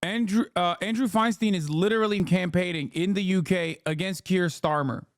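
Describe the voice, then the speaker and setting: Male streamer in his thirties, blunt and profane, fairly high voice, dry close mic. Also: normal speed, clear, resonant tone, dry recording. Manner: blunt, exasperated, swears freely. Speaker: streamer reacting to a video. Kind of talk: casual livestream commentary.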